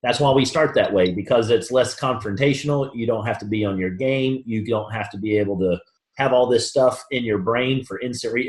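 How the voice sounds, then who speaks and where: Animated man coaching in an echoey room. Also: medium pitch, fairly quick. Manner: animated storytelling, acts out both sides of conversations. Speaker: sales trainer. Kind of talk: motivational training talk. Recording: roomy echo.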